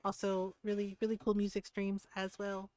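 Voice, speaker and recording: A woman's voice: mid-range voice, completely flat delivery, normal speed, a little mellow. Chatty middle-aged woman streaming a game. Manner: chatty and rambling, many fillers, laughs easily. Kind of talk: casual livestream commentary.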